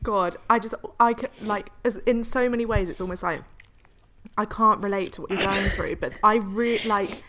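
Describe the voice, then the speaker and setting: A woman's voice: medium pitch, normal speed, fairly bright tone, slight background noise. A woman co-hosting a podcast, talking earnestly and supportively, swearing casually. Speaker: podcast co-host. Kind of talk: casual chat.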